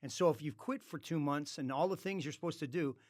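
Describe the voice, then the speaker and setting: A man's voice: fairly high pitch, a little fast. A man telling a long story as a podcast guest, acting out the dialogue of others and swearing freely. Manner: animated, acts out quoted dialogue, swears freely. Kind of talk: casual storytelling.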